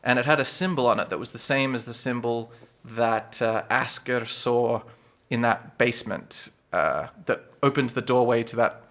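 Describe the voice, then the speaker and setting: A man running a tabletop game, recapping scenes in a bright, forceful voice. He talks in a loose, relaxed way, leaning on fillers. His pitch sits in an ordinary middle range. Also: moderate pace. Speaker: game master.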